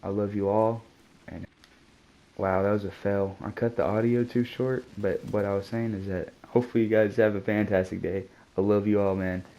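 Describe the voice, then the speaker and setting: A man's voice: fairly low pitch, steady tone, normal speed, lo-fi sound. A man telling a casual storytime vlog, rambling and slangy, peppering his talk with "dude" and curse words. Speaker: vlogger.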